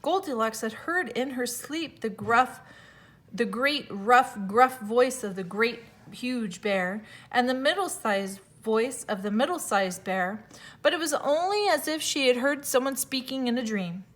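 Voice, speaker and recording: A woman teacher reading a fairy tale aloud to children, expressive, with small slips and self-corrections. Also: fairly high pitch, a little slow.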